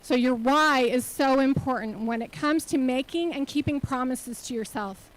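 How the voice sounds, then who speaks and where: A woman with a high-pitched voice delivers a motivational keynote into a stage microphone. She talks earnestly and keeps firing rhetorical questions at the audience. Her tone is that of a nonprofit leader urging listeners to commit. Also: moderate pace, rough recording. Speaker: keynote speaker and nonprofit CEO. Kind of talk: motivational conference talk. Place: conference hall stage.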